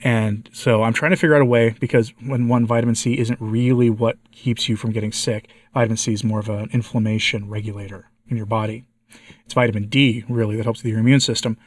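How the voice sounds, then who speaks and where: An American man with a congested and slightly hoarse voice, giving a candid personal update to his viewers and asking them for advice. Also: on the low side, fairly even intonation, quick pace, dry recording. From United States. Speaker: vlogger, channel host.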